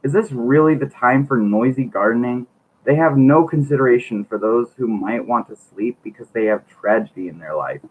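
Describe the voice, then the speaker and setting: A man's voice: medium pitch, normal speed. A man reading a book aloud on his channel, stumbling over words and breaking off for wry joking asides. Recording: tinny lo-fi mic, faint hiss.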